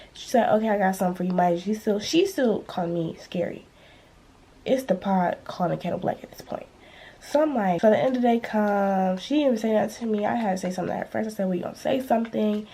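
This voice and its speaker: Young woman vlogger, mellow husky voice, lively slangy storytelling. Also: mid-range voice. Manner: animated, slangy storytelling, acting out quotes. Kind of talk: storytime vlog.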